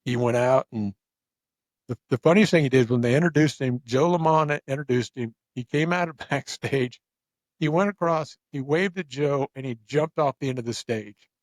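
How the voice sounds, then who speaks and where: A man's voice: mid-range voice, normal speed, no room sound. A man hosting a casual chat, telling a long anecdote with lots of restarts and repeated words. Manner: rambling, animated, repeats words when starting sentences. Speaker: podcast host.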